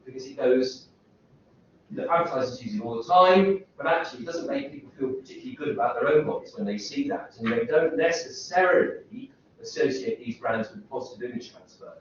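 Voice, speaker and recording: A man's voice: mid-range voice, big pitch swings, brisk, a little hiss or hum. Guy lecturing, rambly, asks the class stuff, far off mic, big echo. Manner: rambling, self-interrupting, asks rhetorical questions. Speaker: university lecturer. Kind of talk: lecture with questions to students. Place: lecture room. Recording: echoey lecture hall from far off, dull sound.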